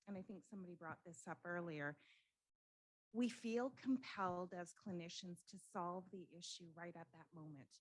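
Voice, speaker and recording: A woman's voice: lowish voice, no room sound, low-quality recording. A woman clinician in a workshop discussion, reflecting on what she learned.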